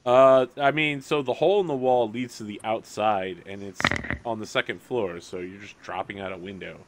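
A man running a tabletop game as game master, describing scenes in a relaxed, joking way and laughing often. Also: on the low side, normal speed, noisy background.

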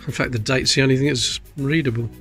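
A man's voice: mid-range voice, fairly even intonation, fast talker, fairly bright tone, faint music behind. Chatty man sorting old coins. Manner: chatty, self-mocking, muttering as he looks closely. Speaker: coin collecting channel host. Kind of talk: casual commentary while sorting coins.

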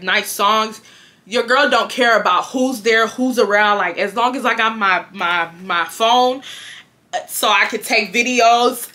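A woman, telling a storytime to her viewers in an animated, laugh-filled way, swearing freely. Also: mid-range voice. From Houston, Texas. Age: 20s. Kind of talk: casual storytime.

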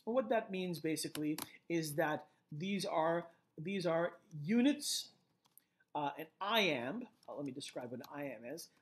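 A man's voice: fairly high pitch, lively intonation, unhurried. A man giving a recorded literature lecture, explaining poetic rhythm step by step and often checking in with "right?". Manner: explanatory, repeats key phrases, frequent "right?"; rhythmic chanting of stress patterns.

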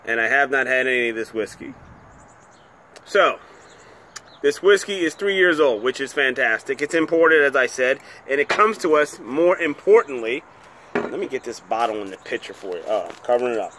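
Man, from New Jersey, channel host, casual rambling review, mid-pitched voice, faint background noise. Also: expressive, normal speed. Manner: chatty, rambling, self-deprecating. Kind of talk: casual home video review.

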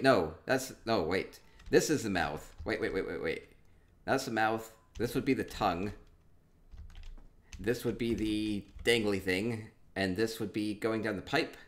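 A man giving casual live-stream commentary as he tours player homes in a game, playful and rambling as he thinks aloud. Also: lowish voice.

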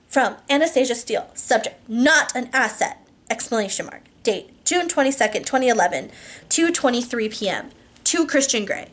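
A woman reading a novel aloud in the first person, slowing for emphasis, adding small asides and fixing words she stumbles on. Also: on the high side.

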